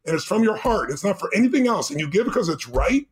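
Guy on a podcast telling a story, high voice, talks fast, acts out the quotes. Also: big pitch swings. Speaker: guest.

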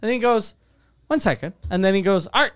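Smooth-voiced man rambling through a profane story. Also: high voice, animated, brisk. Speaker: comedian telling a story. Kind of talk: casual chat.

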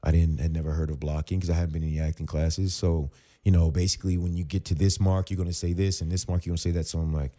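A man's voice: sits low, fast talker. A man around forty, an actor and former pro football player, telling stories as a podcast guest and acting out both sides of the conversations. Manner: animated storyteller who acts out both sides of conversations. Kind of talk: casual storytelling interview.

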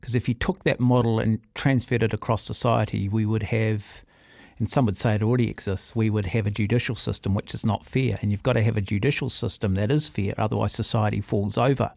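Opinionated New Zealand talkback host. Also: male voice, lowish voice, steady tone, a little fast, creaky, a little mellow, no echo, clean studio sound. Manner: opinionated, ranting and forthright. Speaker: sports radio host. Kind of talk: talkback radio. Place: radio studio. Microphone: studio microphone.

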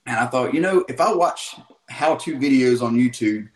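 A man with a thick North Carolina Southern accent chats as a guest, relaxed and rambling through his stories. His voice sits in the middle range. The line sounds roomy and echoey. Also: mid-range voice, moderate pace. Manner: easygoing, many "uh" fillers, storytelling. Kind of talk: casual interview on a call.

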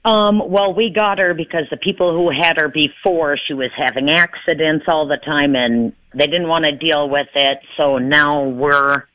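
A woman's voice: low voice, normal speed, hardly any pauses, no room sound, lo-fi sound. A woman calling in to a radio show, giving brief, plain answers to the host's questions. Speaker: caller. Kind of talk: phone call to a radio show.

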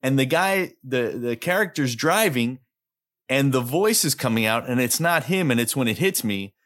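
A middle-aged man hosts a podcast in relaxed, chatty conversation. His talk is loose and informal, dotted with "like" and "bro.". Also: mid-range voice, moderate pace. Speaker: podcast host. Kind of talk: casual chat.

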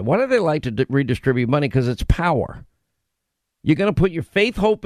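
A man's voice: mid-range voice, no room sound, studio quality. A man hosting a talk radio show, ranting in a sarcastic, combative way.

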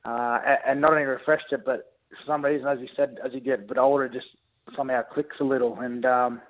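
A man's voice: mid-range voice, level tone. Young Australian man on a tinny phone line. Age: young adult. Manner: easygoing, halting with many ums and restarts. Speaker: rugby league player interviewed by phone. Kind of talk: casual phone interview.

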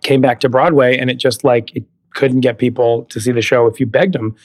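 Speaking fairly quickly in a steady, darkish, medium-pitched voice, a Broadway actor from California in his thirties guests on an interview podcast. The chat is casual; he tells lively stories, laughs often and performs the dialogue he quotes.

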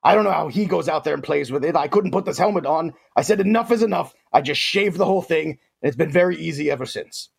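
On a sports podcast, a fantasy football guest stays in character for a comic bit, voicing a boastful alien titan villain with pompous, theatrical grandeur and playful third-person brags. The mood is mock-grand. His heavily acted voice is fairly high, husky and creaky, and he talks fast and animatedly with few pauses.

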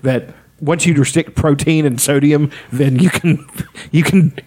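A man's voice: on the high side, steady tone, measured pace, a little mellow. A man co-hosting a podcast, rambling in casual chat, swearing freely and laughing often. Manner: profane, rambling, laughing a lot. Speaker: podcast co-host.

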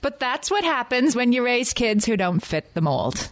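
A woman in her forties co-hosting a podcast, chatting in a lively way and laughing easily. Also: fairly high pitch, normal speed, no echo. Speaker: podcast co-host. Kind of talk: casual chat.

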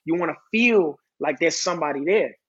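A man with a New York accent speaks as a podcast guest, stumbling over his words and restarting his sentences as he opens up. His voice is husky and sits a little high for a man. The recording sounds dull and lo-fi. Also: animated, a bit bright. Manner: halting, repeats words and restarts, recites his own lyrics. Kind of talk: candid conversational talk.

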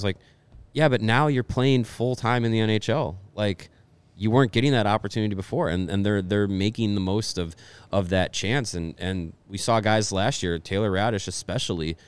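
A man co-hosting a podcast, talking sports in a relaxed, rambling way with many restarts. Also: fairly low pitch, normal speed, clear, resonant tone. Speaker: podcast co-host. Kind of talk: casual sports talk.

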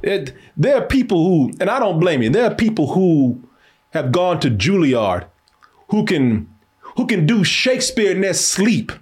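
A man co-hosting a casual chat, animated, laughing often and swearing freely. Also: high voice, measured pace. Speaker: podcast co-host.

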